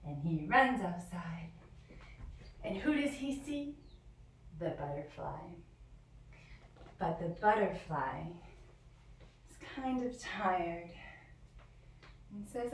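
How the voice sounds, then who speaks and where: Slow, sing-song woman teaching kids' yoga. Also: fairly low pitch, expressive, slight background noise. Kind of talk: guided yoga lesson for young children. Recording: echoey room from far off.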